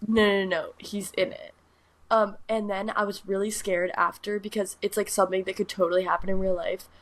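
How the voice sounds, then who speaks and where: A woman's voice: mid-range voice, little pitch movement, brisk. A young woman co-hosting a podcast, telling a story in rambling casual chat with lots of fillers. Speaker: podcast co-host.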